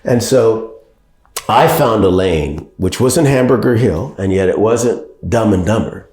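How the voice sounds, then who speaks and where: A man in his sixties being interviewed, telling stories in a measured, thoughtful way that gets lively when he quotes people. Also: on the low side, roomy sound. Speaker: actor and director, guest. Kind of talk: reflective interview storytelling.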